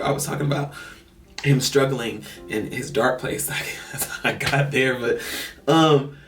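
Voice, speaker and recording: A man's voice: a little high, a bit bright. A man giving an earnest, rambling personal monologue as a vlogger, sighing between his thoughts. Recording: somewhat distant mic, faint music.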